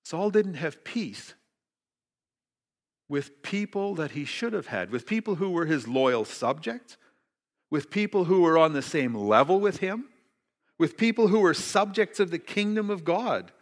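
A middle-aged man preaches a sermon, retelling a story with animated asides and an occasional joke. His voice sits a little high for a man. The sound carries a long reverb, as in a church sanctuary. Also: unhurried. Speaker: pastor. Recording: reverberant hall.

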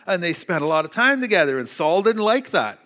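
A middle-aged male pastor preaching a morning sermon, telling a story with lively asides and occasional jokes. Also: sits high, fairly quick. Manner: storytelling, animated, jokey asides. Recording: reverberant hall.

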